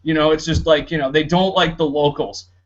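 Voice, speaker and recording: A man's voice: a little high, steady tone, fairly quick. A young man co-hosting a podcast in a casual chat, rambling and sarcastic, with lots of fillers. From Florida, United States. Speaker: podcast co-host. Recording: dull lo-fi home recording.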